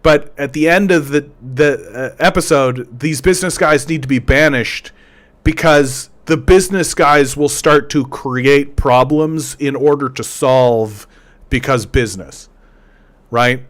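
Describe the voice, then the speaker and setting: A man's voice: medium pitch, measured pace. A man hosting a political commentary show, ranting sarcastically and stumbling over repeated words. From Canada.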